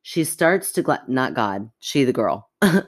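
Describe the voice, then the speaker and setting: A woman co-hosting a podcast, reading a listener's story aloud in an animated, chatty way and breaking off to react. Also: very deep voice, measured pace, slightly rough. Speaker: podcast co-host.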